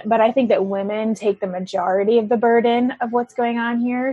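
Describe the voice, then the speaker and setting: A woman's voice: medium pitch, no room sound, lo-fi sound. Chatty woman podcast host, dry sound. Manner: chatty, laughs often. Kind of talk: casual podcast chat.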